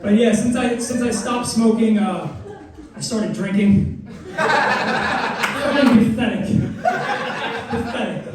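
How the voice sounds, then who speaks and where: A man's voice: high-pitched, steady tone, a little slow, recorded from a distance. A man in his twenties doing a rambling, self-mocking, crude stand-up set in a comedy club. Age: 20s. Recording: echoey club, mic heard from afar, crowd noise. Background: audience laughter.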